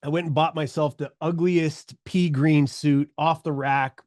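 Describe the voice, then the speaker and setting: A middle-aged man telling his story as a podcast guest, animated, acting out the voices of people he quotes. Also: on the high side, unhurried, dry recording, clean studio sound.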